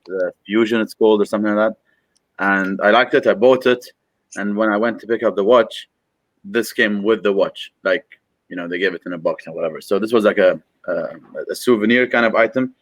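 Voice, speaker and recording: A man's voice: fairly low pitch, steady tone, a little fast, no room sound, low-quality recording. A man, a Chelsea fan, rambling and joking in casual football banter with friends.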